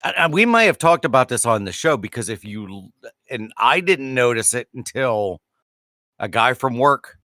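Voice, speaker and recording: A man's voice: mid-range voice, animated, bright, forceful tone, no room sound, studio quality. A young man co-hosting a podcast, chatting easily and laughing along. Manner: easygoing, chatty, quick to laugh. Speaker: podcast co-host. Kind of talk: casual chat.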